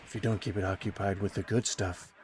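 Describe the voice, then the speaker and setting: A man giving casual commentary while playing a game, muttering to himself with sarcastic, mock-formal complaints and sudden loud outbursts. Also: low-pitched, little pitch movement, brisk. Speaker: gaming streamer.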